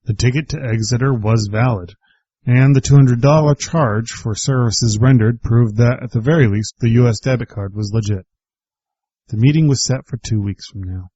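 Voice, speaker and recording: A man narrates a first-person story with a warm, mellow voice. His delivery is reflective and wry. The recording is dry and a bit dull. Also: medium pitch, moderate pace, no echo.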